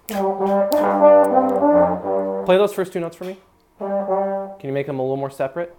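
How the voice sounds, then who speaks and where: A man's voice: high-pitched, normal speed, long pauses, music in the background. A young man coaching a small brass ensemble in rehearsal, talking casually with lots of fillers and singing out syllables to demonstrate articulation. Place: rehearsal room with brass players.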